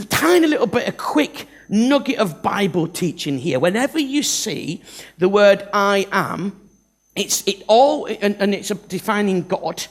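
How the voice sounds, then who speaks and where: A man's voice: sits high, lively intonation, a little slow. A man from the north of England, preaching a humorous, self-deprecating sermon to a church congregation. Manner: humorous, self-deprecating, acts out Bible characters. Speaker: visiting preacher.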